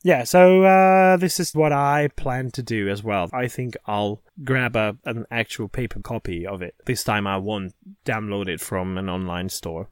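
A man's voice: on the low side, a little slow, hardly any pauses, smooth, no echo. Dry-sounding enthusiastic male podcast host. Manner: enthusiastic, repeats words when starting sentences. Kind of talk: casual podcast chat.

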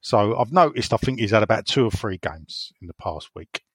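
A man's voice: fairly low pitch, lively intonation, fairly quick, slightly rough, no echo. A chatty man hosts a football podcast, his voice rising and falling freely as he drifts into opinionated asides. The sound is close and dry, with no room around it. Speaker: podcast host reading listener messages. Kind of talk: casual football podcast chat.

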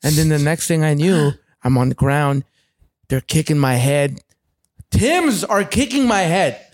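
High-voiced profane Canadian man. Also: unhurried, no room sound, studio quality. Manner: profane, animated, acts out other people's voices. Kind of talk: casual storytelling.

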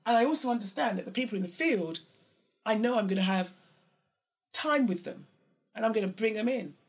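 A woman speaking candidly in a conversation, animated and acting out others' words in voices. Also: brisk. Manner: animated, acts out quotes in high mocking voices.

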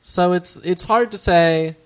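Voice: medium pitch, slow pace. A podcast co-host in a comedic movie recap, making dry, wry remarks and laughing often.

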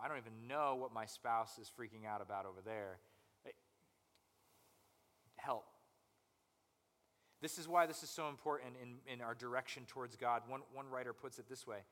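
A young man preaching a conversational sermon as pastor, animated and acting out people's inner voices. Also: mid-range voice, long reverb tail.

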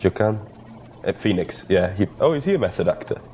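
A man's voice: low voice, very animated, fast, a little mellow, a little hiss or hum. A tired Welsh man co-hosting a podcast in casual chat, friendly and laughing easily. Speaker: podcast co-host.

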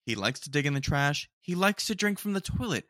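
A man's voice: a little high, very animated, brisk, pushed and bright, no room sound, studio quality. A young man hosting a podcast alone, rambling casually and saying "dude" a lot. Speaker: podcast host. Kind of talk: casual solo chat. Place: home room.

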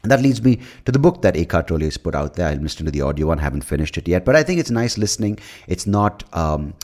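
Deep-voiced male podcast host; loose, meandering solo talk full of fillers and casual swearing, recorded close to the mic. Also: big pitch swings, fast, darkish tone. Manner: rambling, with many fillers and restarts; swears freely. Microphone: leaning in close to the mic.

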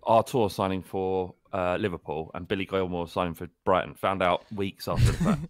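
A man co-hosting a casual football podcast, an animated storyteller who acts out quotes in high voices. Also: normal speed, no room sound. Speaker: podcast co-host.

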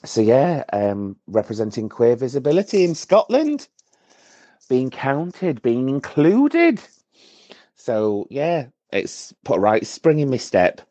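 A man's voice: mid-range voice, very animated, slow pace, mellow, no echo. A camp man from Bradford, chattily and cheekily showing off in a voice message to a podcast. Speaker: listener leaving a voice note. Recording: dull, dry voice-note recording.

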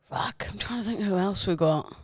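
A woman's voice: medium pitch, normal speed, slightly rough, no echo, clean studio sound. A young adult woman, co-hosting a casual podcast, teasing and laughing often. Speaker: podcast co-host. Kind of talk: casual chat.

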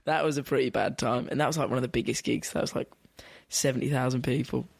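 A man's voice: medium pitch, steady tone, fast, gravelly, slightly rough, dry recording. A young man, a musician guest in an interview, talking in a rambling, filler-heavy way with frequent laughs. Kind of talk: casual interview.

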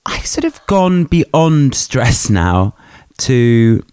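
A man's voice: mid-range voice, very animated, extremely slow, darkish tone, clean tone, no echo. A man co-hosting a podcast, chatting casually in a camp, self-mocking, jokey way. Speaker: podcast co-host. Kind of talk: casual chat.

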